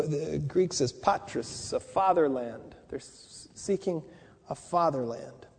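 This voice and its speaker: A man with a high, husky voice preaches a sermon, talking it through conversationally and posing rhetorical questions. His words ring out with a long reverb, as in a large hall. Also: a little mellow.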